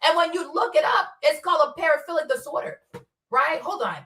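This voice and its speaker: A woman's voice: very high voice, expressive, brisk, sharp tone, echoey room, distant mic. A woman hosting a casual commentary stream, blunt and profane, laughing often as she rants. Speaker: commentary host.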